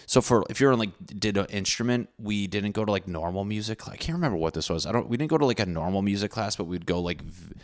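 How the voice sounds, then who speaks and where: A man's voice: fairly low pitch, quick pace, few pauses. A young man from Connecticut with a Connecticut accent, telling a rambling, profane, self-correcting comic story from his school days. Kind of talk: casual comedic storytelling.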